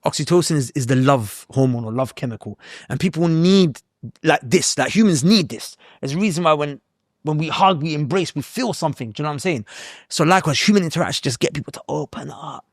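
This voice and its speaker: Brief: young man, podcast host, animated, quick, a bit higher voice. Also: dry recording, clean studio sound. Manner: animated, slangy, repeats himself. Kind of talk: casual storytelling chat.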